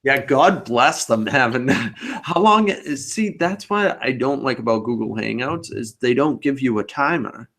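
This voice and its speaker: Gravelly-voiced rambling podcast host. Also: male voice, mid-range voice, lively intonation, unhurried, a bit bright. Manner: rambling, talkative. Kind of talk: casual chat over video call. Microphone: video call.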